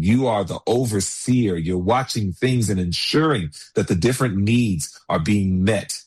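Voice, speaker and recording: A man delivers a sermon in a somewhat low, husky voice. He reads passages aloud, then drifts into earnest, conversational asides full of "you know." His tone stays sincere and pastoral throughout. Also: darkish tone.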